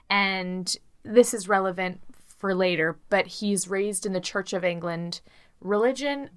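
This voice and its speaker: A woman's voice: fairly low pitch, a bit bright. A woman co-hosting a podcast, telling a story in a chatty, jokey way and laughing often. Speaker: podcast co-host. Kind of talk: casual chat, storytelling.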